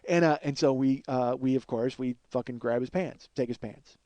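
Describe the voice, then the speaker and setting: A man telling a comic story from his youth in a rambling, animated way, full of fillers and acted-out quotes. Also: medium pitch, moderate pace, no room sound. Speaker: comedian host.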